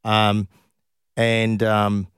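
A man's voice: on the low side, monotone, drawn-out words, fairly bright tone, clean tone, dry recording, clean studio sound. A man, a former footballer telling stories casually in an interview, often laughing as he goes. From Australia. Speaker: former professional footballer, guest.

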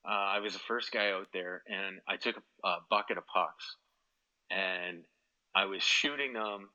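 A man's voice: sits low, measured pace, pushed and bright, highs cut off. A man, a former hockey player, telling long, rambling stories in an interview and quoting what others said to him. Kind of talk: storytelling in a podcast interview.

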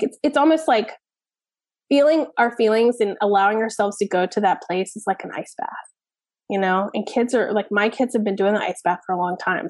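Woman, parenting expert guest; blunt, lively, a little gravelly, dry podcast sound. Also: medium pitch, dry recording. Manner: animated, blunt, swears casually. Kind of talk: candid conversational interview.

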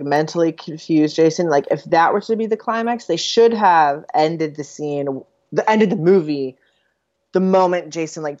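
A woman co-hosting a podcast, breaking down a film's plot in a lively, analytical way. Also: sits low. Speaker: podcast co-host. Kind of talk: casual film discussion. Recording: dull lo-fi audio.

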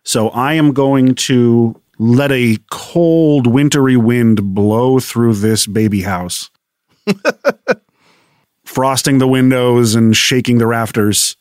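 A man at a mid pitch, playing in a tabletop game and calmly describing what his character does. He talks in a casual, wry way. His voice sounds dry and close to the mic. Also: slow pace, clean tone, no room sound. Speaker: player.

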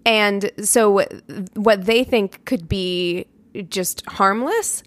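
A young woman co-hosting a podcast, talking things through in a thoughtful, measured way. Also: medium pitch, no room sound. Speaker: podcast co-host. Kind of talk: casual podcast chat.

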